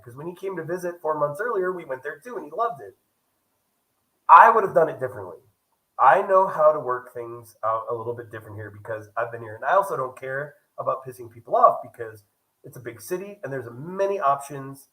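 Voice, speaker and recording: A man's voice: on the high side, normal speed, poor audio. A young man vlogging casually, telling a story and acting out the other people's lines as he goes. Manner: animated, acts out quoted dialogue. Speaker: travel vlogger.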